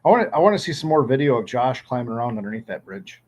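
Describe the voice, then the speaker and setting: A man from Ohio telling a lively magnet fishing story in a casual chat, acting out quotes and often repeating words. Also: mid-range voice, very fast.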